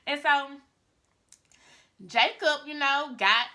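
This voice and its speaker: A woman vlogger retells a Bible story for her viewers in casual, chatty talk. Her voice is high and bright, and she speaks unhurriedly, pausing often.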